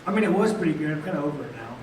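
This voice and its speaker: A man's voice: fairly high pitch, animated, racing. A man answering questions at a post-fight press conference, blunt and profane, rambling from one thought to the next. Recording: echoey room, heard from a distance, faint noise.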